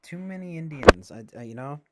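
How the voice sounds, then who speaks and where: A man's voice: fairly high pitch, very animated, fairly quick, heavy background noise. A young man chatting casually on a livestream, rambling, joking and swearing a lot. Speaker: streamer. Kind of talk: casual livestream chat with strangers.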